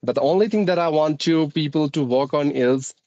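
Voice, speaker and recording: A man's voice: fairly high pitch, brisk, a little mellow, dry recording, highs cut off. A man with an Indian accent who teaches English, hosting a casual speaking-practice conversation in a formal, articulate way.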